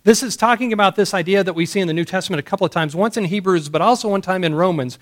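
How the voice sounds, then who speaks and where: A man's voice: sits high, racing. A man preaching a sermon in an emphatic way, repeating key phrases and asking the congregation rhetorical questions. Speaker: pastor. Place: church service.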